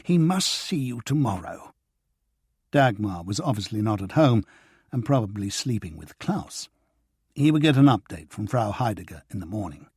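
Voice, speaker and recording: Husky male audiobook narrator. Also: lowish voice, darkish tone, no echo, clean studio sound.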